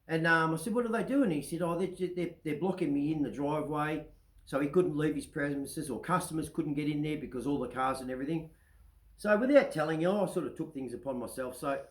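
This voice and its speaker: His voice sits on the high side with a fairly bright tone, and he speaks with an Australian accent. Hosting his own show, he rambles through a long story in casual, chatty fashion, frequently asking "right?" The sound is roomy and rough.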